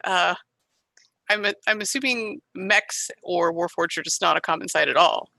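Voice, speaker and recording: A woman's voice: on the low side, moderate pace, vocal fry, pushed and bright, no echo. A woman playing a tabletop game, polite, curious and chatty. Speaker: player.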